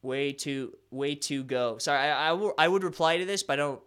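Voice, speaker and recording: Bright-voiced chatty young man streaming. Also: a little high, fairly quick, clear, resonant tone. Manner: chatty, self-deprecating, rambling with restarts. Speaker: live stream host. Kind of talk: casual live stream chat, reading comments.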